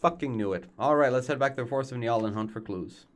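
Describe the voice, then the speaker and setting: A man's voice: medium pitch, quick pace. A man doing casual let's play commentary, rambling in a laid-back way and swearing freely.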